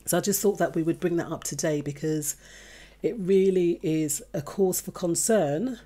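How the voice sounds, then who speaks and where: A woman's voice: lowish voice, normal speed, warm tone. A woman co-hosting a casual podcast chat, earnestly reading out a news item and urging listeners. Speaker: podcast co-host.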